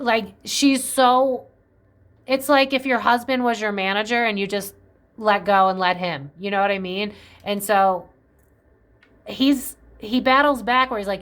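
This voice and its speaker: A woman's voice: medium pitch, normal speed, a bit bright. A woman giving a casual psychic tarot reading. She talks in a chatty, profane, speculative way, jumps between tangents and often acts out quoted voices.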